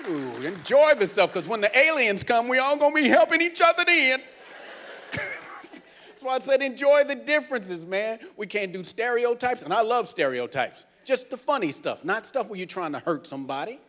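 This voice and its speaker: A man working as a cruise director, doing stand-up comedy on a ship's stage and teasing the crowd loudly. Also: very high voice, animated, normal speed. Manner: loud, teasing crowd banter. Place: cruise ship theater.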